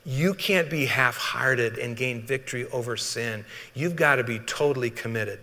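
A man's voice: medium pitch, normal speed, bright, forceful tone. A male pastor delivers a sermon in a conversational way, putting questions to his listeners. His voice sits in the middle range for a man. A long reverb from the hall trails each phrase. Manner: conversational, asks the congregation questions.

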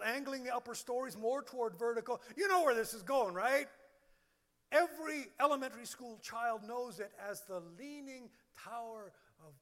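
Male pastor, high animated voice, emphatic sermon delivery, echoey hall. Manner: emphatic, lists words one by one. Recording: long hall reverb.

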